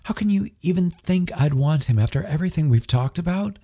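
A male audiobook narrator voicing a young man who jokes easily but turns nervous, in a raised, husky voice. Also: fairly high pitch, animated, brisk, warm tone, pitched above the performer's own voice. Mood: exasperated. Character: nervous young man, joking then tense. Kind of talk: audiobook character voice.

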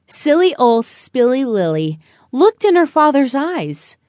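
A woman narrating a rhyming children's picture book in a slow, expressive storytelling manner. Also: high voice, no room sound, clean studio sound. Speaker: audiobook narrator.

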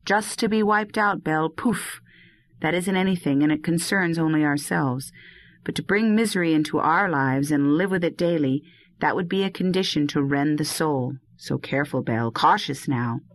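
A woman's voice: low voice, moderate pace, dry recording, natural voice. A woman voicing a rugged young male herb harvester who chides and coaxes his dog. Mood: coaxing. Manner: earnest, chiding, talks to his dog. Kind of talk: audiobook dialogue reading.

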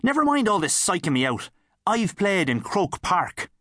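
A man's voice: high-pitched, sing-song, moderate pace, a bit bright, dry recording, clean studio sound, voice pushed up, exaggerated voice. A man with an Irish accent voicing a cocky, sarcastic town boy in an audiobook. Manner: cheeky, sarcastic. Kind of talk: audiobook character voice.

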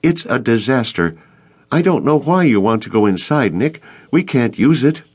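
A man reading an audiobook, voicing a sharp, fearful adult woman in a raised, insistent voice. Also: mid-range voice, expressive, moderate pace, husky, voice pushed up. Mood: cross. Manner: insistent, snappish.

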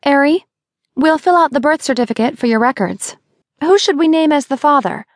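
Woman reading a cheerful brisk nurse, upbeat, a bit higher, dry close sound. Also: animated, no room sound.

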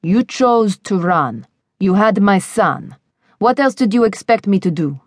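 A woman narrator voicing a powerful, intimidating man who speaks softly and calmly in a deep, husky voice with controlled menace. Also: a little slow, no echo, clean studio sound, natural voice. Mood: cold.

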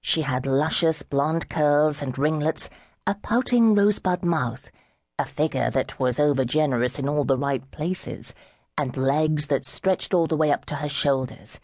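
A woman narrating an audiobook in a measured, wry storytelling manner. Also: low voice, darkish tone, no echo, clean studio sound.

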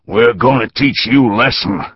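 A man's voice: low-pitched, a little slow, slightly rough, dry recording, highs cut off. A man voicing a burly, drunk, red-faced bearded male mob ringleader who bellows jeering taunts. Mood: gloating.

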